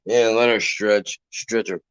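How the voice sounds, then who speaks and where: A man chatting casually at home as channel host, loose and profane, getting loud when excited. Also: lowish voice, a little slow, clear, resonant tone, lo-fi sound.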